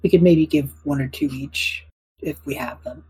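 A woman's voice: low-pitched, moderate pace, a little mellow, breathy edge, poor audio. A woman co-hosting a casual tabletop podcast, reading listener questions and rambling with laughs. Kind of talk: casual chat.

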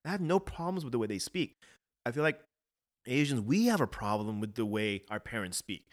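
A man's voice: mid-range voice, big pitch swings, brisk. A man co-hosting a podcast, giving his opinions in a casual, earnest way and often repeating words as he starts a point. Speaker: podcast co-host.

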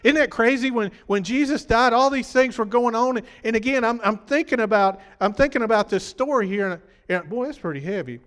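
A man preaching in a high voice, worn from a day of sermons. He talks conversationally and keeps quizzing the congregation. His voice rings with the long reverb of a large hall. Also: brisk, few pauses, a bit bright.

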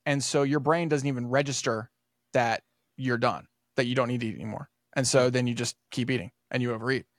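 A man co-hosting a casual podcast, telling rambling stories full of swearing and animated retellings. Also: mid-range voice, fairly quick, no echo, clean studio sound. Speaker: podcast co-host.

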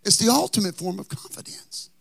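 A man's voice: high-pitched, big pitch swings, fairly quick, gravelly, fairly bright tone, breathy edge, dry recording. A man preaching a sermon as pastor, impassioned, with a chanted, singsong cadence.

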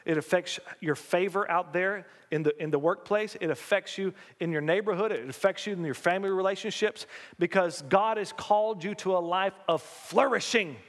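A pastor with a slightly high voice preaches in a lively, down-home way, drawing call-and-response from the congregation at a normal pace. A long reverb trails his words, suggesting a big sanctuary.

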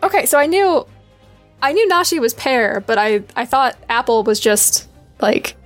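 A woman co-hosting a podcast with a voice a little higher than average. She talks casually and stumbles and corrects herself as she goes. Faint music sits low in the background. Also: animated, normal speed. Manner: hesitant, self-correcting. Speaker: podcast co-host. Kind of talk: casual chat.

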